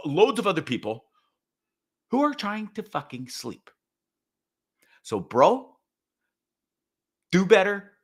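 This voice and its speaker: A man hosting his own show, telling a story in a profane, animated rant with sudden loud outbursts. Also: mid-range voice. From Canada. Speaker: podcast host. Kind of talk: casual ranting monologue.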